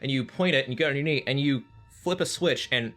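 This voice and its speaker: A man narrating a tabletop game as game master, animated, laughing often and repeating himself as he talks. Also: mid-range voice, fast talker.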